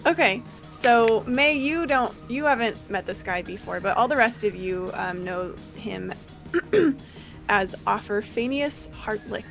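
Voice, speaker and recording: A woman running a tabletop game as game master, narrating in a relaxed way with many fillers. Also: on the high side, unhurried, gravelly, soft background music, poor audio.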